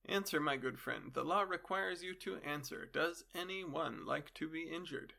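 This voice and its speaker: A man performs a full character voice, fairly high-pitched, creaky and sharp at a moderate pace, as an elderly male philosopher on trial. He questions his accuser with dry irony.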